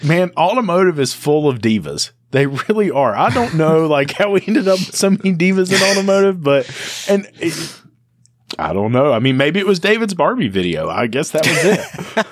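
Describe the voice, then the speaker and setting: Husky, higher-voiced man laughing on a podcast. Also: sing-song, moderate pace, dry recording, clean studio sound. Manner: laughs often, easygoing agreeing. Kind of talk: casual podcast chat.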